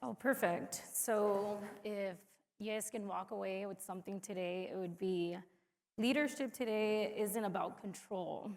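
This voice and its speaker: A woman's voice: mid-range voice, a little slow, darkish tone. A woman speaking on a conference panel for the first time, nervous and self-correcting. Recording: reverberant conference hall.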